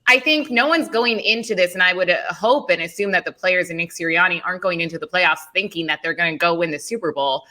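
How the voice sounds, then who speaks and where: A woman co-hosts a postgame football talk show with a bright, low-pitched voice. She makes her points earnestly and corrects herself as she goes. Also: quick pace, few pauses. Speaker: co-host.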